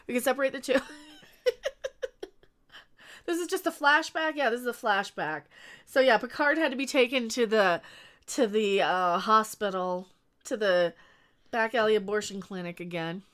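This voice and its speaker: A woman hosting a casual recap stream, animated and sarcastic, laughing often. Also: on the high side, moderate pace, pauses often. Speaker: show recap host. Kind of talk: casual livestream recap chat.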